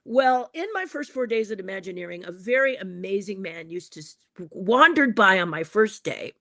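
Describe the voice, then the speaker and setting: A woman guest on a podcast, telling stories in an animated, dramatic way and acting out the people in them. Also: medium pitch, normal speed. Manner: animated, dramatic storyteller who acts out quotes. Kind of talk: podcast storytelling.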